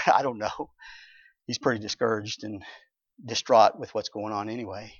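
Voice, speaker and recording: A man's voice: medium pitch, a little fast, a bit bright, no room sound. A man preaching a sermon, reading scripture and retelling it animatedly, acting out characters and chuckling. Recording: dull lo-fi recording.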